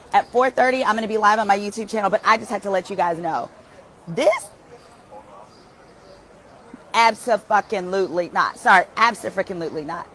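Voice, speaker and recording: A woman's voice: a little high, fairly bright tone. Indignant, profane woman commentator. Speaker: commentator reporting from a trial. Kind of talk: casual live commentary.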